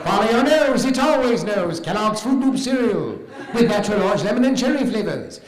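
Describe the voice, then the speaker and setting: A man voicing a cheerful cartoon toucan cereal mascot in a bright, sing-song announcer delivery. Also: high-pitched, big pitch swings, a little fast, voice pushed up. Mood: chipper. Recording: echoey hall with crowd.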